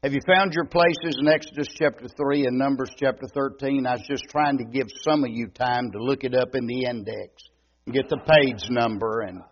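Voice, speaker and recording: A man's voice: mid-range voice, steady tone, highs cut off, slight background noise. An older man with an East Texas Southern accent, preaching a folksy, joking sermon as a visiting preacher. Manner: homey, joking, unhurried drawl. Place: church sanctuary.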